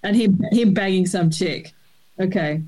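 Mellow-voiced teasing woman. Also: fairly low pitch, unhurried, slight background noise, low-quality recording. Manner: teasing, blunt, giggly. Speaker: podcast co-host. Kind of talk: casual chat.

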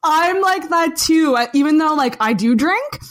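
A woman hosting a relaxed interview with a high, bright-sounding pitch. She reacts with enthusiasm, laughing and gushing over what her guest says. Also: moderate pace. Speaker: interviewer, podcast host. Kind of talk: casual interview chat.

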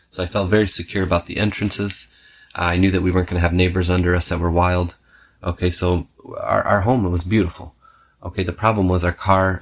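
Deep-voiced male podcast host, swearing, scattered, storyteller energy. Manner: profane, rambling, punctuates with "okay"; restless, self-described scatterbrained. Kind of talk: casual storytelling monologue.

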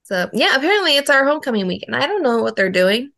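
A woman's voice: high-pitched, sing-song, fast talker, vocal fry, sharp tone. A woman co-hosting a casual podcast chat, teasing and dry. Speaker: podcast co-host.

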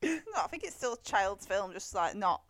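A woman's voice: mid-range voice, very animated, moderate pace. A woman co-hosting a podcast, chatting casually in a blunt, sweary way. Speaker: podcast co-host. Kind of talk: casual chat.

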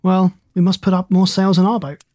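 A single audiobook reader voicing a kindly, puzzled doctor in a husky voice. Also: mid-range voice, little pitch movement, a little fast, mellow, dry recording, natural voice. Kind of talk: audiobook character voice.

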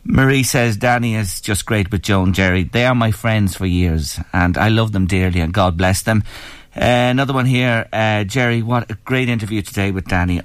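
A man hosts a relaxed radio programme with a fairly low voice. He chats and tells stories in a sentimental, easy way. The sound is close and dry, with no room around him. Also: dry recording. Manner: chatty, sentimental, storytelling. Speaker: radio show host. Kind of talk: casual radio chat. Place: radio studio.

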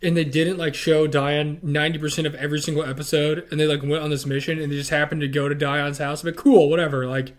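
A man's voice: fairly high pitch, level tone, quick pace, few pauses. A man co-hosting a casual chat, talking in a chatty way with sarcastic asides.

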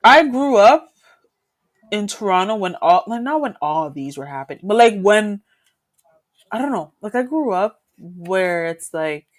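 A woman's voice: medium pitch, lively intonation, unhurried. A woman co-hosting a casual chat show, chatty and laughing often. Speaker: podcast co-host.

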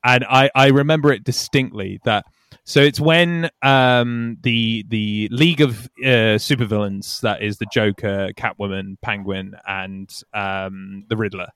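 A man's voice: lowish voice, steady tone, unhurried, a bit bright, clear, resonant tone, no room sound, clean studio sound. A British man co-hosting a film podcast, chatting casually and enthusiastically, often laughing and acting out scenes. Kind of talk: casual chat.

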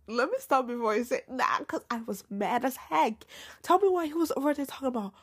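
A woman talks through her podcast alone in a relaxed, chatty way, blunt and full of slang. Her voice has a husky grain. She swings from loud, lively bursts down to near-whispered asides. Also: high voice, moderate pace. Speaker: podcast host. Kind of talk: casual solo podcast chat.

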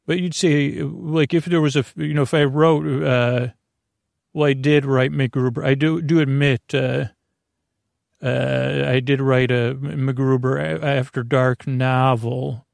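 A man hosting a bedtime podcast with a creaky voice, talking in a meandering, self-interrupting way and drawing out his words. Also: medium pitch, little pitch movement, a little slow, no room sound. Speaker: host. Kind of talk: rambling bedtime podcast monologue.

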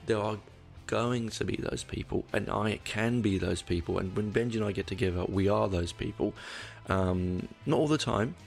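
A man's voice: on the low side, moderate pace, gravelly, few pauses, faint music behind. A middle-aged man hosting a casual solo podcast, rambling and candid, correcting himself often, with dry asides. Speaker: podcast host.

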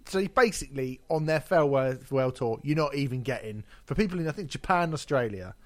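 A man hosting a casual podcast, spinning stories with frequent swearing and laughter. His pitch is middling but swings widely up and down as he gets worked up. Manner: animated, swearing storyteller, quick to laugh. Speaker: podcast host. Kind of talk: casual chat.

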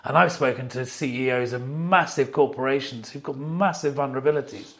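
A man's voice: mid-range voice, a little fast. A middle-aged man, a watch company founder, chatting as a podcast guest in an office and acting out the lines he quotes. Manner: animated storyteller, acts out quoted lines. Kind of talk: casual chat.

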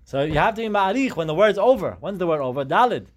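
A man leading a Talmud class, his voice sitting a touch high for a man. He works through the text step by step, dropping Hebrew terms into his English as he explains. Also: lively intonation, fast. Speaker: Talmud teacher.

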